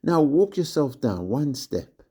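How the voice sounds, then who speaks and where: A man's voice: medium pitch, very animated, unhurried, mellow, husky, voice pushed up. A man reading a storybook aloud, voicing a patient climbing instructor who coaxes and reassures a scared boy. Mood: reassuring. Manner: coaxing, reassuring.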